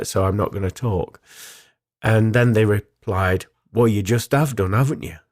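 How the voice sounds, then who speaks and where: A man, a spiritual medium hosting a radio show, calmly recounts his travels in a reflective way with frequent ums. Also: lowish voice, dry recording, studio quality. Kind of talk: solo radio talk, personal storytelling.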